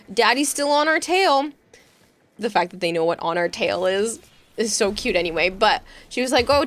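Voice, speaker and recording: A woman streaming a game, chatting casually and telling animated stories with lots of laughter. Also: medium pitch, slight background noise. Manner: giggly, animated storyteller. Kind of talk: casual chat while gaming.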